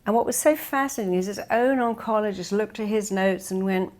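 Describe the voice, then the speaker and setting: A woman's voice: mid-range voice, brisk, hardly any pauses. A woman from the UK giving a motivational keynote speech, speaking emphatically and acting out the people she quotes. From United Kingdom. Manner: emphatic, acts out quoted people with lively stresses. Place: conference stage.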